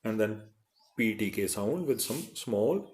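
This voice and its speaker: Man, college principal, online lecture, unhurried, repeats example words. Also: lowish voice, animated, darkish tone. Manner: deliberate, repeats word pairs to demonstrate sounds. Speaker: college principal teaching phonetics.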